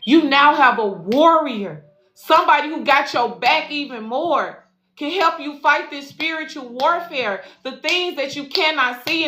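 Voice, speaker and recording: A woman's voice: high voice, lively intonation, measured pace, pushed and bright, slight background noise. A woman giving a casual, profane, affectionate spiritual reading to viewers, calling them y'all and baby. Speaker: spiritual life coach and intuitive reader. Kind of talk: casual tarot reading livestream. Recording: echoey room with faint music.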